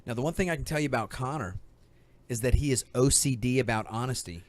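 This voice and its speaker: A man's voice: mid-range voice, fast. A man in his thirties hosting a casual podcast, telling stories animatedly and acting out quotes. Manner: animated storyteller, acts out quotes. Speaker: podcast host. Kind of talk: casual chat, storytelling.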